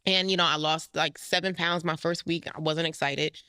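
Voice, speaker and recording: A woman's voice: low-pitched, fairly even intonation, moderate pace, bright, forceful tone, smooth, no room sound. A woman in her thirties, a life coach talking frankly and with feeling about her own life in an interview. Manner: emotional, frank storytelling. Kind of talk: candid personal interview.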